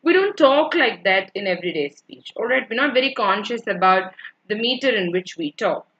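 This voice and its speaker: A woman's voice: mid-range voice, animated, normal speed, fairly bright tone, highs cut off. A woman teaching an online literature class, explaining points patiently, repeating them and checking in with her students. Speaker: English literature lecturer. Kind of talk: online lecture.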